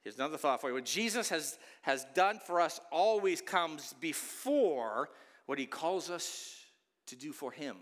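Man, pastor, easter sermon, bright tone, pleading outbursts, long church echo. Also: on the high side, animated, unhurried. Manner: preaching with sudden loud pleading outbursts. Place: church sanctuary.

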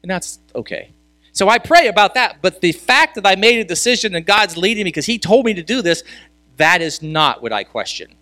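A man's voice: high voice, sing-song, fairly quick, sharp tone, no echo. A male pastor preaching a sermon in a conversational way, asking rhetorical questions and repeating key words for emphasis.

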